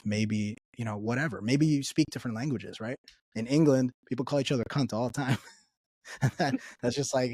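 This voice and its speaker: A man's voice: medium pitch, dry recording, clean studio sound. A man speaking as an interview guest, talking earnestly and often checking in with "right?" as he explains his views. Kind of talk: conversational interview.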